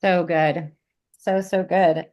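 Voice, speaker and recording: This woman leads a spiritual class conversation in a fairly low voice. She talks reflectively and keeps checking in with her listeners as she goes. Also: steady tone, slow pace, darkish tone. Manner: reflective, often asks "right?". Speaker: class leader.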